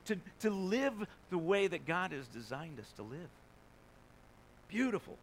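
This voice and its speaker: A man with a notably high voice delivering a sermon. He preaches conversationally, asking the congregation rhetorical questions and briefly acting out the people in his stories. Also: very animated, unhurried, pauses often, slight background noise. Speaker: pastor.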